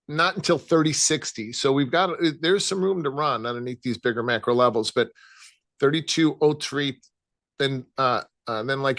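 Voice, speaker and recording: A man with a Chicago accent, casually talking through gold price levels as a trading analyst, with many halting restarts. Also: mid-range voice, a bit bright. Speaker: futures trading guest analyst. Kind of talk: casual market talk.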